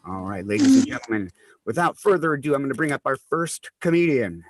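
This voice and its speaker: A man's voice: mid-range voice, sing-song, brisk, no echo, soft background music. Chatty man hosting an open mic. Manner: loose, chatty, says man a lot. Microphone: video call.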